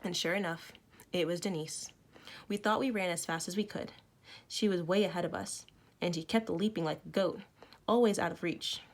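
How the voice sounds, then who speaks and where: A woman teacher reading a novel aloud to her students, expressive, with small self-corrections. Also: lowish voice, normal speed. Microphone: recorded at home for online learning.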